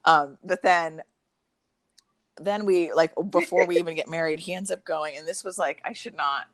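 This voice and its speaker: A woman's voice: low voice, moderate pace, no room sound. A young adult woman, a podcast guest, telling a personal story in casual chat, full of fillers and swearing. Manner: profane, filler-heavy, animated retelling.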